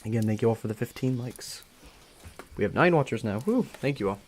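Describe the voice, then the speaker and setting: A man's voice: medium pitch, lively intonation, a little fast, a little hiss or hum. A man reading a fan story aloud on a live stream in a casual way, stumbling now and then and rereading lines. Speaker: story reader.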